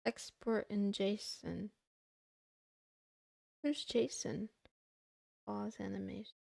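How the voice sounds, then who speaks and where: Slow, gravelly-voiced streamer woman. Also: medium pitch, darkish tone, dry recording, studio quality. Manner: playful, talks to chat while working, giggly. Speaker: VTuber streamer. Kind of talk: casual coding livestream chat.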